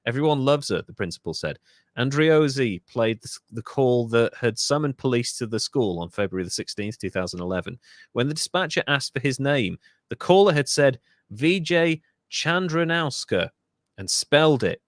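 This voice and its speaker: A man's voice: mid-range voice, lively intonation, fairly quick, no room sound, clean studio sound. A Welsh man hosting a podcast, telling a true-crime story in a casual way with asides and self-corrections. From Wales. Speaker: podcast host.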